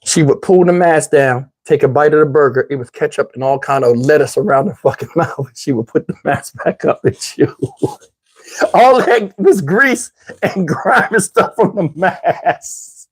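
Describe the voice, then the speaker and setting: A middle-aged man vlogger telling a story to camera in a casual, animated way, with slang, swearing and laughter. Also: fairly high pitch, measured pace, husky.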